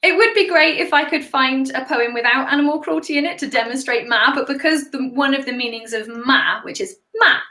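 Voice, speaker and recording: A woman's voice: high-pitched, a little fast, few pauses, bright, forceful tone, reverberant. A British woman hosting a casual live stream as a singer, chatting and giggling while she reads out viewer comments.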